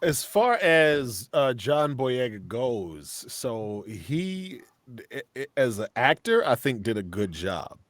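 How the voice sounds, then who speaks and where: A man's voice: mid-range voice, big pitch swings, slow, fairly bright tone, dry recording, studio quality. A man co-hosting a casual podcast, opinionated and slangy, stumbling through restarts as he gives his take. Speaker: podcast co-host.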